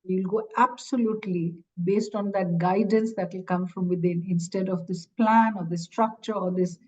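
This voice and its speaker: A woman's voice: mid-range voice, steady tone, normal speed, a little mellow. A woman hosting a podcast interview, asking her guest questions thoughtfully with hesitant fillers. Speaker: podcast host. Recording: slightly dull, lo-fi sound.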